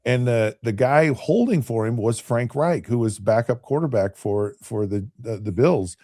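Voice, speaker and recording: A man in his fifties with a relaxed, mellow tone tells a long story in a loose, chatty way, often circling back and restarting his sentences. The sound is close and dry, with no room around it. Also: medium pitch, normal speed, no room sound. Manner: rambling, with frequent restarts and repeated words. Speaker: podcast host and former NFL quarterback. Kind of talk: casual anecdotal storytelling.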